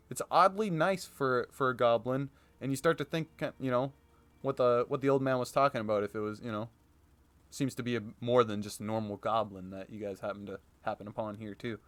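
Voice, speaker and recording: A man serving as dungeon master, talking quickly and chattily and laughing often as he runs a tabletop game. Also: mid-range voice, smooth, no room sound.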